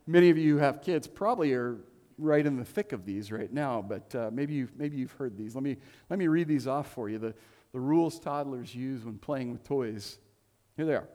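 A man's voice: mid-range voice, moderate pace, warm tone. Middle-aged male pastor in echoing hall. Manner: storytelling with humor, repeats words. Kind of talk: sermon. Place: church hall. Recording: long hall reverb.

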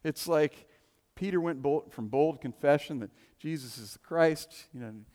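A man's voice: fairly high pitch, unhurried, a little mellow. A man preaching a sermon in a conversational way, with rhetorical questions and restarts. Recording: long reverb of a large hall.

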